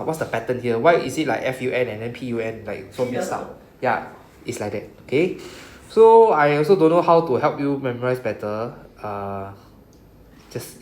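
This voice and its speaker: A man's voice: mid-range voice, expressive, normal speed, a little mellow. Singaporean man teaching in an echoey classroom. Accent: Singaporean English. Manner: explains patiently, asks "right?" after each point. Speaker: Japanese language teacher. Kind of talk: classroom lesson.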